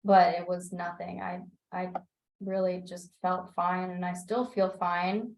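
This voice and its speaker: A young woman chats on a video call, her voice sitting fairly low and carrying a roomy echo. She tells stories with animation, laughing and acting out what she and others said. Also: measured pace. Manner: animated, laughing, quotes herself in lively voices. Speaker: book club member. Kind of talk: casual chat on a video call.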